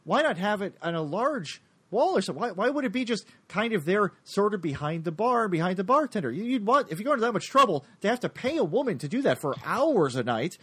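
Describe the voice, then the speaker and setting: A man co-hosting a casual podcast chat about a TV episode, animated and laughing as he acts out quotes. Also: sits high, fairly quick, few pauses, husky. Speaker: podcast co-host.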